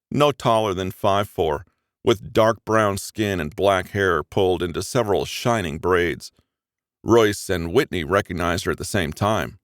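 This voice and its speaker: A man narrating a first-person romance audiobook in an expressive, even storytelling manner. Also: sits low, no echo, studio quality.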